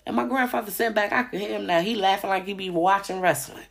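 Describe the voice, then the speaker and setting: A woman's voice: mid-range voice, fast talker, gravelly. A woman host delivering a heated, profane monologue on her podcast, hammering rhetorical questions. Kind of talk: ranting monologue.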